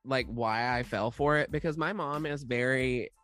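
A young woman co-hosting a podcast, chatting casually in a mellow, even tone. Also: extremely low pitch, moderate pace, faint music behind. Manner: mellow, even tone, self-described. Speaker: podcast co-host. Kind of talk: casual chat.

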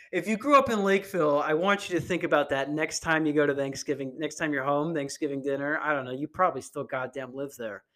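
A young man talks through his solo podcast in a loose, self-deprecating ramble, swearing freely and restarting sentences. His voice sits a bit high for a man. It sounds like a plain computer mic on a video call. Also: bright, forceful tone. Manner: profane, self-deprecating, halting with many restarts and fillers. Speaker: podcast host.

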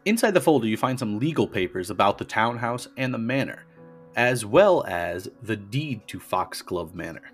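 Man with lively pitch running the game. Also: normal speed, soft background music. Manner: descriptive, guiding players. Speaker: game master. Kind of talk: narrating a tabletop game.

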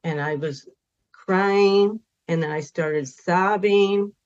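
A spiritual counselor appears as a podcast guest, earnestly telling a personal story in a fairly low voice and taking it slowly. She becomes emphatic in moments of strong feeling, and the recording is dull and lo-fi.

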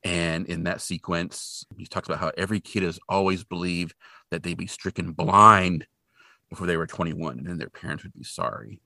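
A man hosting a podcast, casually recapping a movie as an animated storyteller who acts out the characters. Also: sits low, moderate pace, creaky, no echo, studio quality. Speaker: podcast host.

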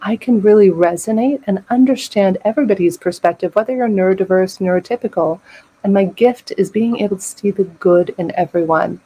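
A woman's voice: medium pitch, fairly quick, warm tone, slightly rough, rough recording. A middle-aged woman, a podcast guest, telling a candid personal story with drama, acting out the voices of people she quotes and laughing often.

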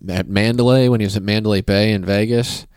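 A man's voice: on the low side, fairly even intonation, fast talker, darkish tone, clean tone, no room sound, clean studio sound. A man in casual podcast chat, telling a self-deprecating story about an early gig.

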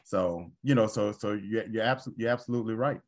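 A man's voice: fairly low pitch, brisk. A man who coaches, talking casually about faith with lots of fillers and easy agreement. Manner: agreeable, rambling, full of fillers. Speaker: basketball coach.

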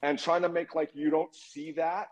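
A man in his fifties, a guest telling his own story in a casual interview, animated and swearing freely as he acts out what people said. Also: a little high, normal speed, rough recording.

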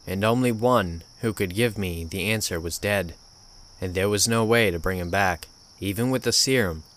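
Lowish male horror story narrator. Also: a bit bright. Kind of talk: scripted narration.

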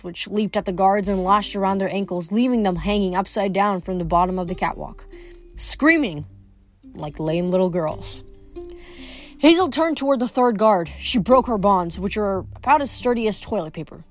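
A woman reading a novel aloud, expressive, with small slips now and then. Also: mid-range voice. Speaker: audiobook reader.

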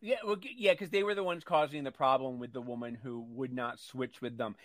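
A man's voice: mid-range voice, fairly quick, no room sound. A man co-hosting a casual chat show, chatty and often laughing. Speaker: co-host.

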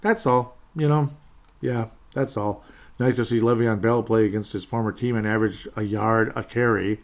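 A man's voice: on the low side, fairly even intonation, moderate pace. Sarcastic rambling football podcast man. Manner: sarcastic, rambling, with sighs and chuckles. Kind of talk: casual solo sports recap.

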